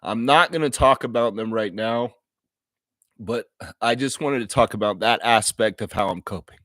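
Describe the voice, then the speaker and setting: A man of middle pitch speaks from a dry, close mic, sounding emotional and earnest. He talks off the cuff as a live stream host, heartfelt and apologetic, often stopping and restarting his sentences. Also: normal speed, a bit bright, no echo. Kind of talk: unscripted live stream monologue.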